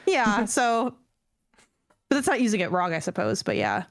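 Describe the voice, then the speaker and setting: A woman on a podcast panel, talking quickly in a rambling, self-deprecating way. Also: on the high side, animated, dry recording, studio quality. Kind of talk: casual panel chat.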